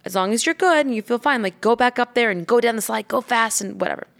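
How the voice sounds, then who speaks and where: Chatty, animated woman telling a story. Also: fairly high pitch, fast talker, vocal fry. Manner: animated, swears freely, acts out quoted lines. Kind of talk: casual storytelling chat.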